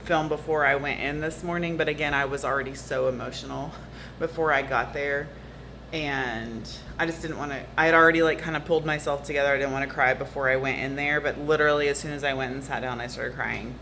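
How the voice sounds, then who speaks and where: A woman's voice: extremely low pitch, steady tone, brisk, a bit bright, slight background noise. A woman with a Southern US accent, chatting casually to camera as a vlogger and rambling along with small laughs.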